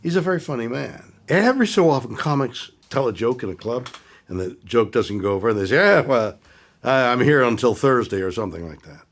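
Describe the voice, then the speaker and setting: A man's voice: mid-range voice, expressive, fast. An older man reviewing impressions of himself in casual commentary, exasperated and stammering over repeated words.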